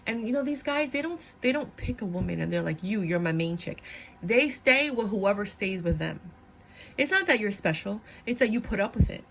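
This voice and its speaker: A woman's voice: mid-range voice, normal speed, gravelly, slight background noise. A young adult woman giving a tarot reading, speaking bluntly and animatedly. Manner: animated, blunt, slips into voices of others. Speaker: tarot reader.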